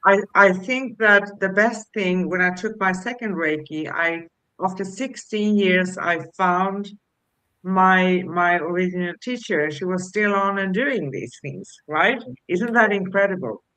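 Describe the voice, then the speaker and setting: A woman's voice: medium pitch, a bit bright, low-quality recording. A woman co-hosting a casual spiritual chat, speaking in an affirming way and often checking in with "right?". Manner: slow, affirming, asks "right?". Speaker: co-host.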